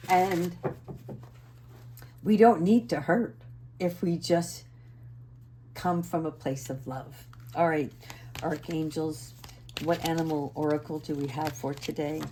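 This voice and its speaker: A woman gives her viewers a casual spiritual oracle card reading, earnest and gentle but sometimes assertive, often checking in with "right?". Her deep voice moves slowly with frequent pauses, and there's background noise.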